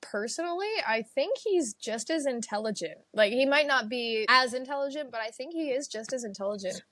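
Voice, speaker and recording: Woman on a podcast thinking out loud, kinda higher voice, dry close mic. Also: lively intonation, brisk, no echo. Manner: thoughtful, hedging, laughs often. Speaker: podcast co-host. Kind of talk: casual podcast chat.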